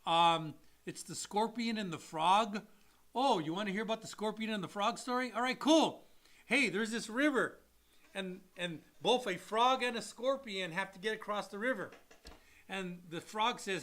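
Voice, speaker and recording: Male loan officer co-hosting a live stream, high and bright, animated delivery. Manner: animated, acts out people in quick quoted voices. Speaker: mortgage loan officer, co-host. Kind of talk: casual live-stream advice talk.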